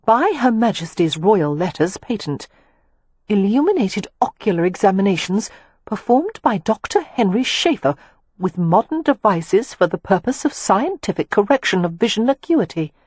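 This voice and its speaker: Reader putting on a guarded skeptical young lady, higher voice, husky edge, dry sound. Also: big pitch swings, moderate pace, darkish tone, dry recording. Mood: earnest. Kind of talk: audiobook character reading.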